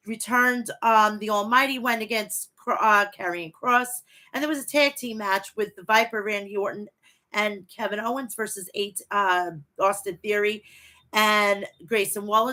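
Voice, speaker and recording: A woman's voice: mid-range voice, pushed and bright. A woman hosting a wrestling review live stream, chatting casually, swearing freely and reading names from the chat. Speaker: wrestling review show host.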